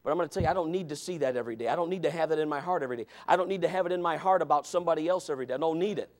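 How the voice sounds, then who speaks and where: High-voiced fiery preacher man. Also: rapid-fire. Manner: preachy, repetitive, builds to shouting. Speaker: Baptist preacher. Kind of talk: fiery Sunday school sermon.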